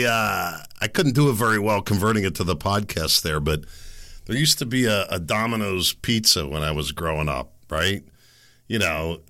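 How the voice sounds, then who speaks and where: A man hosting his own podcast, talking in a chatty, self-deprecating way with quick asides. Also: fairly low pitch, bright, forceful tone. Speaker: podcast host. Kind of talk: casual monologue.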